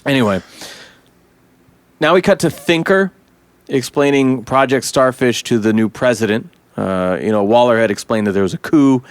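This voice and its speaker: A man co-hosting a podcast, talking casually about a film in an animated way, swearing now and then and slipping into quoted lines. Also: on the low side, clear, resonant tone, no room sound. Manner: animated, profane, breaks into quoted voices. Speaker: podcast host.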